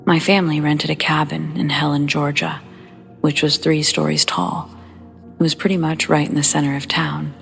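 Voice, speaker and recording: A woman hosting a podcast, reading true scary stories aloud in a hushed, often half-whispered delivery. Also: low-pitched, moderate pace, vocal fry, soft background music. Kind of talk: scripted horror story narration.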